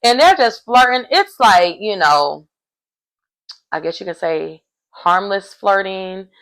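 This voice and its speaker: A young adult woman giving a casual, animated recap of a reality show. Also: medium pitch, takes it slowly, low-quality recording. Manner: chatty and animated, acting out quoted lines.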